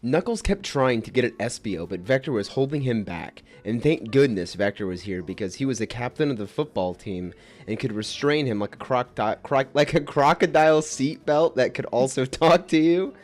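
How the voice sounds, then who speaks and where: A man's voice: medium pitch, expressive, normal speed, a little mellow. Giggly man reading a silly story. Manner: giggly, stumbles over words. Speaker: narrator and creator. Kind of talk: comic reading of a fan story.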